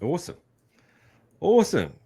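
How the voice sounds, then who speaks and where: A man hosting a podcast interview, relaxed and encouraging. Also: fairly high pitch, normal speed, creaky, slightly rough. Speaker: podcast host. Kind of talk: casual interview.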